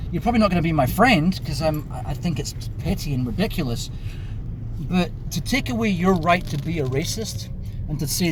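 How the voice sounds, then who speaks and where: A man's voice: a little high, background noise. A man from South Africa hosting a solo podcast, ranting profanely and restarting his sentences often. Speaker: podcast host. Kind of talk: opinionated solo podcast monologue.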